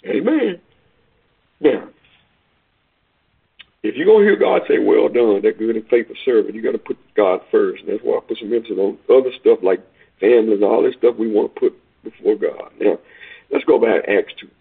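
A man a sermon, repeating his points in call-and-response style and rising to near-shouts on key lines. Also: fairly low pitch, normal speed, vocal fry, husky. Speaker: preacher. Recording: tinny phone-like radio broadcast.

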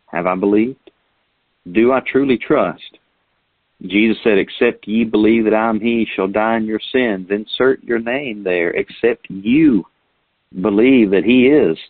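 A man preaches in a low voice, posing question after question to his listeners and reading scripture aloud. The sound is thin and tinny like a phone line, with a dry, close feel. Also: no room sound. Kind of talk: sermon.

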